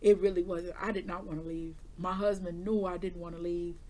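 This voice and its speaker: A woman's voice: fairly low pitch, flat delivery, brisk, warm tone. A woman who does intuitive readings, telling her viewers a personal story in a candid, chatty way. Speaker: intuitive reader giving weekly forecasts.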